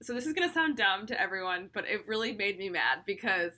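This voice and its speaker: A young woman co-hosting a podcast, telling stories in casual chat with loud, swearing outbursts. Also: medium pitch, animated, fast talker. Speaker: podcast co-host.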